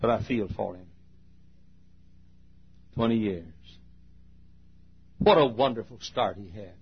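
The revival sermon comes slowly from a husky-voiced man who shifts from loud, booming passages to soft asides and sing-song chants. The recording is muffled.

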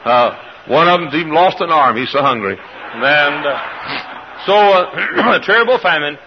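A man preaching as a pastor, telling a Bible story in an animated way and acting out the people in it. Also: fairly high pitch, a little slow, background noise. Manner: animated storytelling, voices quoted characters. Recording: dull lo-fi old sermon recording.

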